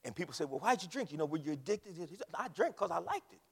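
A man preaching a sermon, swinging from hushed storytelling to shouted climaxes. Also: on the high side, very animated, very fast, creaky, husky. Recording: long reverb of a large hall.

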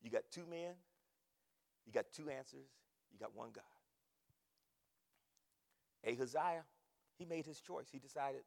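A man preaching a sermon from the pulpit, repeating words emphatically and rising to shouts. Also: medium pitch, a little slow, gravelly, long pauses, in a large hall. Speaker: pastor. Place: church sanctuary.

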